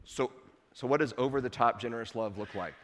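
A man preaching a sermon to his congregation in a relaxed, conversational way with playful asides. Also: mid-range voice, a little fast, in a large hall, slight background noise. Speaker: pastor. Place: church sanctuary.

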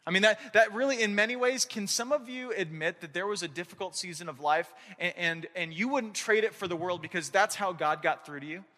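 Animated high-voiced preaching man. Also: brisk, hardly any pauses, big-room sound. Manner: animated, conversational preaching with repeated restarts. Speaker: pastor. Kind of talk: sermon.

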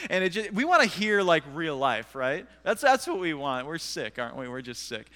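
A man preaches from the stage of a church sanctuary, telling self-mocking stories with lively energy. His voice sits high and sounds smooth and clear. A long reverb from the hall trails behind each phrase. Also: moderate pace, hardly any pauses. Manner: animated, self-deprecating storyteller. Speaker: pastor. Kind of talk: sermon storytelling.

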